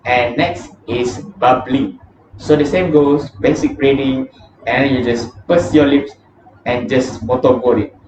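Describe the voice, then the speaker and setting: A man leading a vocal warm-up lesson, counting down breathing sets and explaining each step in a casual, plain way. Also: medium pitch, steady tone, unhurried. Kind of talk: guided breathing exercise lesson. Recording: echoey room, distant mic, dull and noisy.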